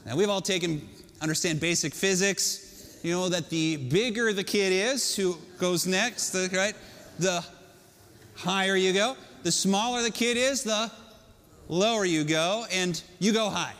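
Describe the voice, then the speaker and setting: A man telling a self-mocking personal story to an audience, animated and conversational. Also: high-pitched, unhurried. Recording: long hall reverb.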